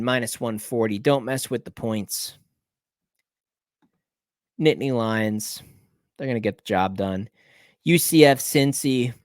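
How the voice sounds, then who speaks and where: A man's voice: medium pitch, no echo, clean studio sound. A man hosting a casual solo rundown of his sports betting picks, thinking aloud, rambling and correcting himself as he checks scores.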